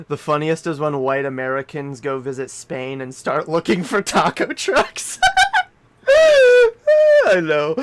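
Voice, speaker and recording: A man from Canada rants on a livestream in slow, drawn-out sentences that are full of swearing and restarts. His voice sits a little higher than a typical man's. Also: clear, resonant tone. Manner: profane, rambling rant. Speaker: streamer. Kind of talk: casual livestream chat.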